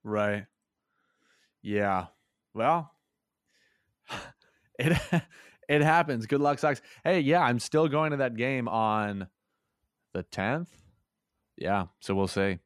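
A young man co-hosting a casual sports podcast, easygoing and quick to laugh. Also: medium pitch, expressive, clear, resonant tone, no echo, clean studio sound. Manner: easygoing, laughs between points. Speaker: podcast co-host.

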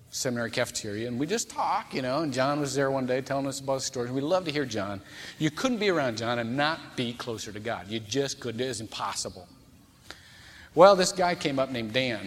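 A male pastor preaching a storytelling sermon in a conversational, folksy and animated manner. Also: medium pitch. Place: church sanctuary. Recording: long church reverb.

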